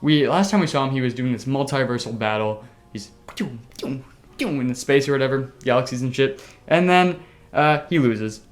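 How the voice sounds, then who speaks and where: A man hosting a casual podcast, telling a story excitably with sound effects and the odd swear word. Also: mid-range voice, normal speed. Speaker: podcast host.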